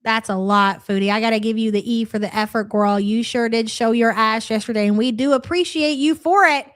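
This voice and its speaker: Sarcastic woman host, live reaction stream; fairly high voice, dry close sound. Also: fairly quick, dry recording. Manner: mocking, sarcastic, laughs often.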